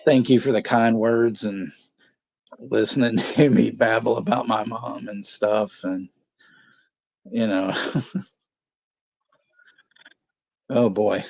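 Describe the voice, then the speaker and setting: Man, gravelly and low-fi, loose rambling storyteller who swears a lot, casual stream chat. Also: fairly even intonation, slow pace, long pauses, a little mellow. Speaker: channel host. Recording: dull lo-fi stream audio.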